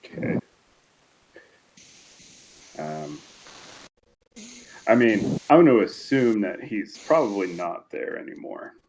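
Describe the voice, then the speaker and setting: A man with a very deep voice plays a tabletop game. He talks casually and hesitantly, filling gaps with fillers as he decides what to do. A faint noise sits behind him. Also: big pitch swings, takes it slowly, long pauses, a little mellow, rough recording. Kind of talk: casual chat.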